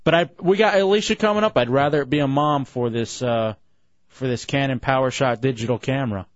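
A man hosting a radio show from the studio, fast and joking with callers and co-hosts. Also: mid-range voice. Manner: brash, joking, fast patter. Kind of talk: casual radio banter. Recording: slightly muffled radio broadcast.

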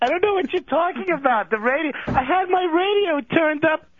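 A high, shaky old caller on the phone. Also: male voice, lively intonation, very noisy. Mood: fawning. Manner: slow, rambling, cries out in pain. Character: doddering old male phone caller, fawning. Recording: tinny phone line, dry.

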